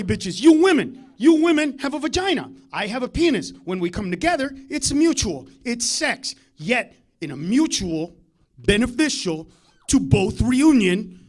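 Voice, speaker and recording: A man doing a live stand-up routine on a comedy club stage, ranting loudly and swearing constantly into a handheld mic. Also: very high voice. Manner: loud, profane, ranting delivery.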